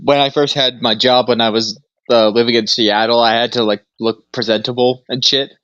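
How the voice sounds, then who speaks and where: A man's voice: medium pitch, steady tone, moderate pace, a bit bright, smooth, no echo, muffled recording. A young man co-hosting a casual chat, rambling through a story, laughing often and acting out what others said. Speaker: podcast co-host.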